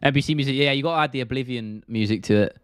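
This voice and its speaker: Laid-back young British streamer. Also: male voice, medium pitch, rapid-fire, clear, resonant tone, no room sound, studio quality. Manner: laid-back, rambling, slangy. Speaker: live stream host. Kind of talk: casual live stream chat reading viewer questions.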